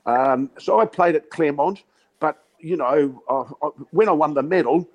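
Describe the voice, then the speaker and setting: A man's voice: a little high, moderate pace, rough recording. Laughing Australian man spinning yarns. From Western Australia. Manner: yarning storyteller, laughs often, says "mate". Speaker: guest, former cricket captain. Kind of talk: casual chat.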